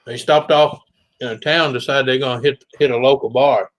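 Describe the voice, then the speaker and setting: A man's voice: mid-range voice, steady tone, moderate pace, no echo, poor audio. A man chatting casually as a guest, easygoing and rambling through stories, saying yeah often. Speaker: regular guest. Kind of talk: casual chat.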